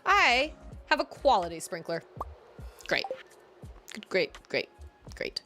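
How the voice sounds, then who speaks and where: Chatty woman gamer talking while she plays, animated up-and-down delivery, soft music behind. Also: medium pitch. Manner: chatty, rambling, many "like"s, quick laughs. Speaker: game streamer. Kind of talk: casual chat while playing.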